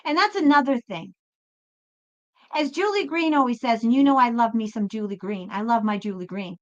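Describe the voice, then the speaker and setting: A woman whose voice sits on the high side speaks at a moderate pace, giving a blunt spiritual pep talk and swearing freely with emphasis. She works as a tarot reader and hosts a spiritual channel, and the sound is lo-fi and slightly dull.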